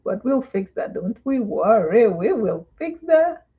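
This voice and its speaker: A woman hosts a live makeup tutorial, chatting slowly and unhurriedly between steps. Her voice is mellow and soft-edged, and she laughs easily as she tells stories. The sound is a little dull and muffled. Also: fairly high pitch, sing-song. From Dominica. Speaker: makeup vlogger.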